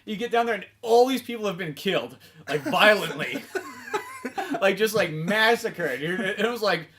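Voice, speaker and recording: Guy on a gaming podcast, high bright voice, talks super fast, cusses a lot. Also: lively intonation. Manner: rambling, profane, acts out bits in silly voices. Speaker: podcast co-host. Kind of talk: casual chat about video games.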